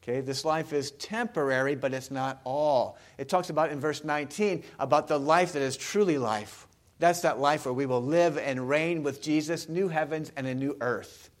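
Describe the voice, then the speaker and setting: Guy preaching a sermon, a bit high voiced, chatty, keeps asking the church stuff. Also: moderate pace. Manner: conversational preaching, asks the congregation questions. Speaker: pastor.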